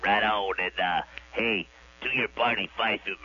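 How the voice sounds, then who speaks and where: A man's voice: fairly low pitch, fairly even intonation, normal speed, pushed and bright, dry recording. A man calling in to a radio show, bantering and joking with the host. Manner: jokey, puts on presidential impressions. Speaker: caller. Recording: muffled phone call with hum.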